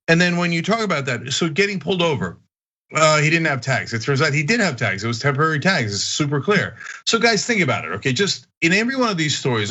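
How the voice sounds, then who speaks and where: A man hosting a political commentary show, talking straight to his viewers in an animated, indignant way. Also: fairly high pitch. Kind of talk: heated opinion commentary.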